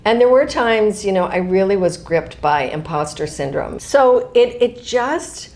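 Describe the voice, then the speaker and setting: Middle-aged woman author, casual and animated interview guest. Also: mid-range voice, measured pace. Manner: animated, laughs often, talks in asides and restarts.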